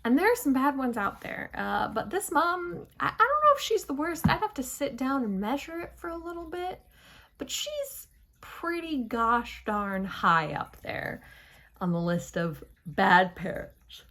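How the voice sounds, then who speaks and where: A woman's voice: a little high, lively intonation, normal speed, a bit bright. Chatty woman reviewing a TV episode. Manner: chatty, playful, dramatic asides. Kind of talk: casual spoiler review monologue.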